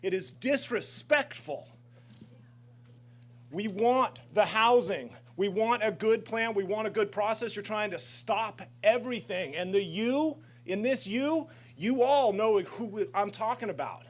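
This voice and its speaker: American guy at a council mic, high voice, heated and pushy. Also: a little slow. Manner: impassioned, confrontational. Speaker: public commenter. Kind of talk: public comment at a council meeting.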